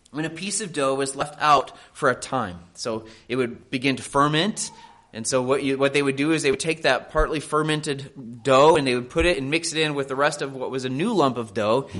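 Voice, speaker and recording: A man's voice: mid-range voice, a bit bright. A man, a pastor, delivering a sermon in an earnest, emphatic preaching manner, often pressing his point with rhetorical questions.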